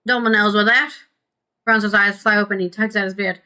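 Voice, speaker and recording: A woman's voice: medium pitch, fairly even intonation, brisk, bright, forceful tone, clean tone. A woman streaming a video game, chatting casually and reading the game's text aloud. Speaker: gaming streamer.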